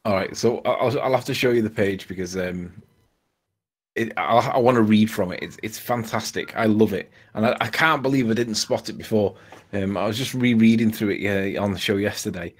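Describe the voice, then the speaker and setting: Brief: man, low husky voice, rambly casual panelist, lots of ums. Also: a little fast. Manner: rambling, hesitant, many ums and restarts. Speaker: panelist on a live debate stream. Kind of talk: casual online chat.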